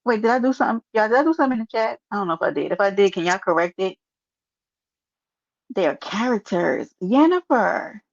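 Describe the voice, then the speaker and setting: Gravelly, joking New woman streamer. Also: mid-range voice, lively intonation, a little fast. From New York. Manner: playful, joking, talks straight to her chat. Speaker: livestreamer. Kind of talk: casual live stream chat. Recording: muffled lo-fi stream audio.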